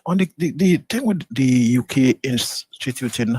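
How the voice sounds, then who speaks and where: Man, co-host, husky voice, lively pitch, playful, animated. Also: normal speed, no echo. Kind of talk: lively live-show banter.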